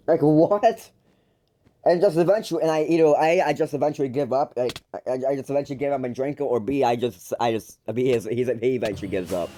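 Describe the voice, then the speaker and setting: Mellow-voiced young man ranting, stumbling. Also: mid-range voice, fast talker. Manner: rambling, with frequent stumbles and restarts; mocking, exasperated. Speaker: YouTuber calling out his older brother. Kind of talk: ranting call-out monologue.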